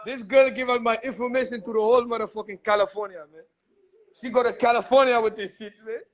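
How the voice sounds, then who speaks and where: High-voiced man, rowdy livestream banter. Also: fairly even intonation, fast. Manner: rowdy, laughing, swearing banter. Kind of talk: casual livestream chat.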